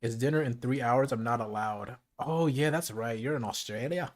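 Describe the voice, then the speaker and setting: During a late-night stream at home, a man chats with his viewers at normal speed, dropping easy slang between bites in a casual just-chatting session. His voice is neither high nor low, and the streaming mic, with its noise gate and filters, gives a close, clean sound.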